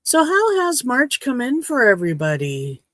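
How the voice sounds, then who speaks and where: A woman from Saskatchewan hosting a casual livestream chat at home, rambling and frank, her throat a little hoarse. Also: on the high side, wildly swooping pitch, normal speed, a bit bright, dry recording. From Saskatchewan, Canada. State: slightly hoarse throat after choking. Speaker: livestream host. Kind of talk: casual chat to a live audience.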